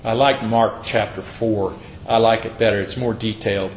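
A man's voice: fairly even intonation, moderate pace. A man preaching a sermon, telling Bible stories in a folksy, storytelling way. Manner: folksy storytelling, acts out voices. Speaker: pastor. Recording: echoey lo-fi room with faint rumble.

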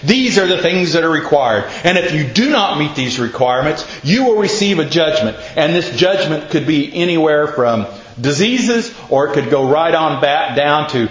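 A man's voice: on the high side, lively intonation, normal speed. A man preaching a casual sermon, telling folksy stories and quizzing his listeners. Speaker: pastor. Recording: echoey, muffled room recording.

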